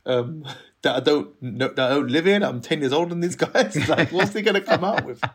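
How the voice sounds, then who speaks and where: A man in his thirties tells a long story in casual conversation, his slightly high voice a little husky. He acts out the people he talks about and laughs often as he goes. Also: fairly quick. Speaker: guest telling a story.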